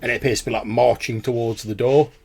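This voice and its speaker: Husky-voiced game master. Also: male voice, mid-range voice, steady tone, fast, darkish tone. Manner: loose, chatty narration with many fillers. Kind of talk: narrating a tabletop game.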